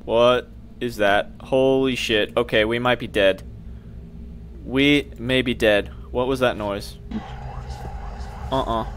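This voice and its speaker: A man's voice: medium pitch, unhurried, long pauses, a little hiss or hum. A young man commentating his own horror gameplay, jumpy and swearing, with panicky outbursts. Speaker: gaming youtuber.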